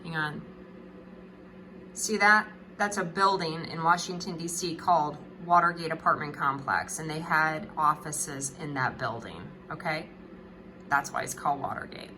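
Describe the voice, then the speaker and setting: In a casual video lesson, a chatty woman teacher jokes about her drawings and keeps checking in with "okay?". Her voice is deep yet bright, at normal speed, on a rough recording with faint background noise.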